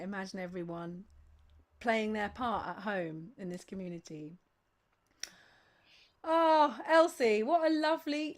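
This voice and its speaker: A woman hosting a sing-along livestream, chatting casually, gushing with thanks and reading out viewers' names one after another. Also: medium pitch.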